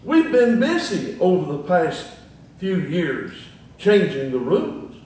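A man's voice: high-pitched, huge pitch swings, takes it slowly, darkish tone, heavy reverb, far from the mic, poor audio. An older man preaching a sermon in a folksy way, chuckling at his own jokes between scripture quotes.

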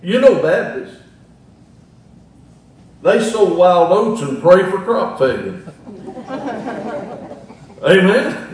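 Slow, high-voiced older preacher, echoey church. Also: male voice, big pitch swings, recorded from a distance. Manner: folksy, chuckles at his own jokes while preaching. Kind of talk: sermon.

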